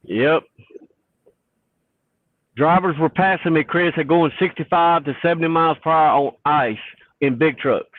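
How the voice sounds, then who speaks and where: Caller: southern trucker, higher male voice, earnest, heard over phone line. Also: a little slow, long pauses, no room sound. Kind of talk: casual phone chat.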